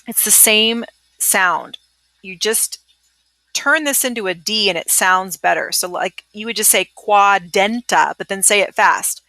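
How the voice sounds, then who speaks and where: Bright, brisk woman teaching Spanish numbers. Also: lowish voice, dry recording. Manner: upbeat, brisk, keeps checking in with "okay?". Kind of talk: screencast pronunciation lesson. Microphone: computer mic, screencast.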